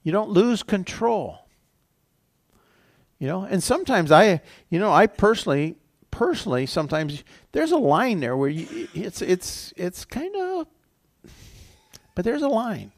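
An older male pastor delivers a sermon in a gravelly voice that swoops up and down with lively pitch. He talks conversationally, circling back and correcting himself as he tells a story. The sound is dry and close. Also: normal speed, no room sound.

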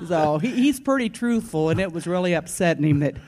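A woman's voice: lowish voice, expressive, fairly quick, a little mellow. An older woman in church telling a personal family story in a chatty, plain way. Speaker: church member sharing a story. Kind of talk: personal testimony.

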